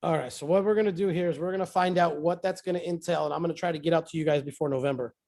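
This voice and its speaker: A man sharing a success story with his team in a casual motivational talk, excitable and repeating phrases for emphasis. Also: a little high, racing.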